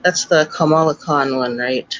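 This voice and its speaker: Tired male guest, somewhat high voice, casual chat, muffled lo-fi call audio. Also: normal speed, a bit bright.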